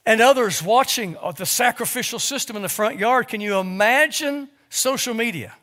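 A man's voice: extremely high pitch, moderate pace, sharp tone. A man preaching a sermon to his congregation in a church, full of rhetorical questions and stammered restarts. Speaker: pastor. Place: church sanctuary.

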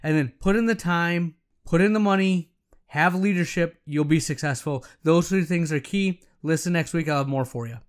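A man's voice: on the high side, moderate pace. A middle-aged man hosting a podcast for optometrists, giving casual business advice in a coaching manner and checking in with "right?" and "okay?".

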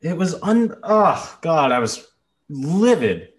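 A man co-hosting a casual sports podcast, animated and exasperated, swearing freely. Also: fairly high pitch, moderate pace. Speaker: podcast co-host. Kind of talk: casual chat.

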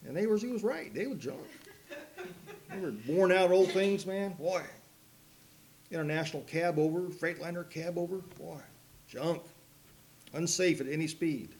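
A man preaching a sermon, mixing folksy rambling stories with slow, emphatic preaching. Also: on the high side, a little mellow. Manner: folksy, rambling storytelling with asides and laughs. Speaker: pastor.

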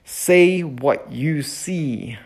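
A man's voice: a little high, drawn-out words, a little mellow. A man who runs a nursery, giving a reflective self-help talk, repeating key phrases and lingering on words.

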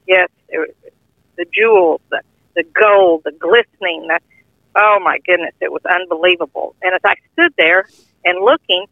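A woman's voice: lowish voice, moderate pace, no echo. An older woman earnestly telling a heartfelt personal testimony in plain, informal speech. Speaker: guest sharing a testimony. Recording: tinny phone-line audio, dry.

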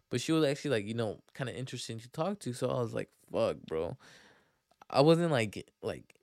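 A man's voice: medium pitch, animated, a little fast, darkish tone, no room sound, clean studio sound. A young man hosting a podcast, telling stories in a rambling, profane, laid-back way full of fillers. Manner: laid-back, self-mocking. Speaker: podcast host. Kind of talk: casual storytelling podcast.

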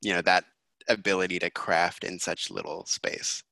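A man co-hosting a podcast in relaxed, agreeable casual chat. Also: sits low, moderate pace, creaky, no room sound. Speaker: podcast co-host.

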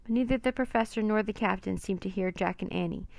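A woman reading a children's adventure book aloud in an expressive storytelling manner. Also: mid-range voice, fast talker, vocal fry, no echo.

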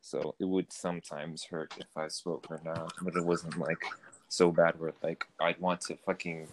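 A young man with a low voice chatting on a casual podcast with friends. He sounds laid-back and blunt, and he swears now and then without any heat. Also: little pitch movement, normal speed, noisy background. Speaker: podcast co-host.

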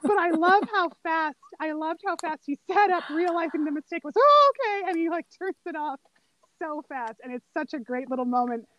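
Giggly high-voiced woman gushing. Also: a little fast, muffled recording. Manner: giggly, enthusiastic retelling of scenes. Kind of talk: casual chat about a favorite movie.

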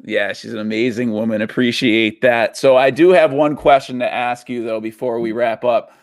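A man's voice: mid-range voice, steady tone, normal speed, no echo, studio quality. A man hosting an interview, giving enthusiastic praise and asking wrap-up questions. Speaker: interview host.

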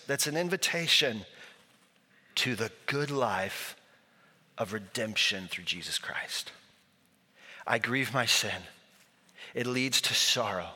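A man's voice: medium pitch, sharp tone. A man preaching a sermon as pastor, talking in a conversational, storytelling way and acting out the people in his stories. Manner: conversational, storytelling with acted quotes. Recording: long hall reverb.

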